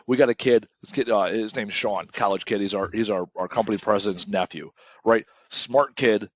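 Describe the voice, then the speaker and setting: A man's voice: fairly low pitch, normal speed, dry recording. A man talking casually as a podcast guest, blunt and emphatic, swearing and tagging lines with "right?".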